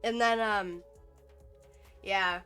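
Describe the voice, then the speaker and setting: A woman's voice: mid-range voice, steady tone, very slow, bright, forceful tone, clear, resonant tone. A young adult woman streamer chatting casually, rambling with lots of fillers and laughs. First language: English. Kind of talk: casual chat while drawing. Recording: light music playing behind.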